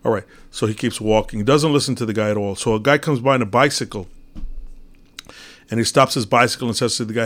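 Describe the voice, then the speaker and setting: A man's voice: mid-range voice, quick pace, fairly bright tone. Rambling casual man on spirituality. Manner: casual, repetitive, storytelling with many fillers.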